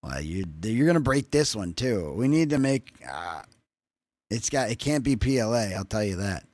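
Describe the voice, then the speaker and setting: A man's voice: on the low side, very animated, moderate pace, darkish tone, dry recording. A young man livestreaming, chatting casually and jokily with his viewers, with loose swearing. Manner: loose, swearing, jokey with chat. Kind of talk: casual chat.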